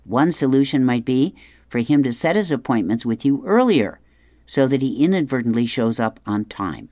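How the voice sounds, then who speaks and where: A reader going through an advice column and the comics aloud, chuckling often in an unhurried way. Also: medium pitch, expressive, darkish tone, dry recording.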